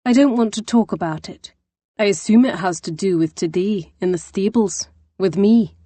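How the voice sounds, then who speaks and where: A woman's voice: medium pitch, moderate pace, mellow, dry recording, lightly acted. A woman voicing a distraught young woman who is an older sister, tearful and defensive. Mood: upset.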